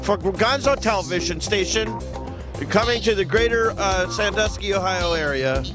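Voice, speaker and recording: A man putting on the voice of a goofy, high-voiced male station announcer who draws out his words in a sing-song way, over loud music. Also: expressive, normal speed. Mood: hammy.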